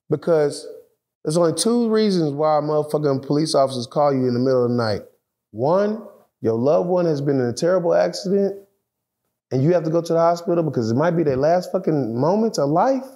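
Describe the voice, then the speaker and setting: A man telling a story in casual, profane, animated talk, acting out the voices of the people in it. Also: on the high side, a little fast. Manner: profane, animated retelling, acts out quoted voices.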